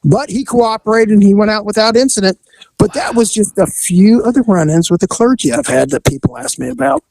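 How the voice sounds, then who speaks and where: A man co-hosting a podcast, a former vice officer telling crude, blunt stories in a casual, animated way. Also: high-pitched, fairly quick, creaky, no echo. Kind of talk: casual storytelling.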